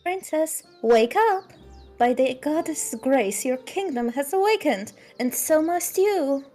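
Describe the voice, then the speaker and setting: A woman voicing a young maid who talks in a brisk, bright, chiding way. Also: high voice, lively intonation, soft background music.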